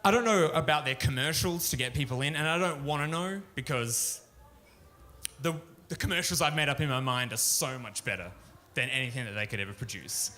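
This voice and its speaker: A man's voice: medium pitch, a little fast, sharp tone, slight background noise. A man doing a crude, ranting stand-up routine at a pub show, swearing freely. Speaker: stand-up comedian. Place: pub stage, live show.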